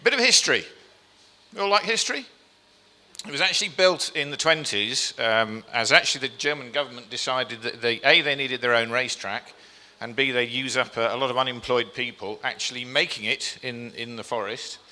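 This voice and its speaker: A man talks a little fast in a mid-range, bright, forceful voice, presenting slides to a live audience in an event hall. His style is chatty and self-deprecating, with frequent ums and questions for the crowd. The recording carries a hall's long reverb.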